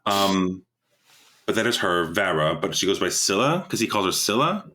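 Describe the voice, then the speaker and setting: Podcast co-host: man, very low voice, rambling casual chat. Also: big pitch swings, normal speed, bright, forceful tone. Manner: rambling, stumbles over words, laughs often.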